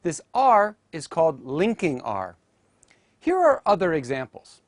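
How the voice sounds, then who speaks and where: A teacher giving a scripted educational narration, speaking carefully and deliberately and saying example sounds aloud as models. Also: mid-range voice, very animated, no room sound, clean studio sound.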